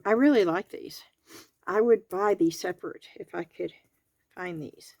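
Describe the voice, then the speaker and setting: A woman's voice: on the low side, measured pace, gravelly, darkish tone. A woman with a Southern US accent chatting homespun-style through a craft kit review in her garage, counting items aloud. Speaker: crafting video host. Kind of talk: real-time product review and tutorial. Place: home garage.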